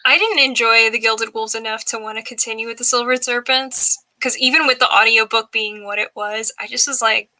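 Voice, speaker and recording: A woman chats with friends about audiobooks on a video call. Her voice is very bright and a bit high. She gets animated and slips into playful quoted bits. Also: brisk, hardly any pauses, low-quality recording. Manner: animated, acts out quotes while chatting. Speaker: guest in a reading stream. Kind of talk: casual chat.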